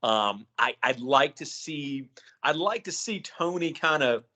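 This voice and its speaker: A man's voice: medium pitch, lively intonation, unhurried, pushed and bright. A man co-hosting a wrestling podcast, talking casually and hesitantly, restarting phrases with um and you know. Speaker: podcast co-host.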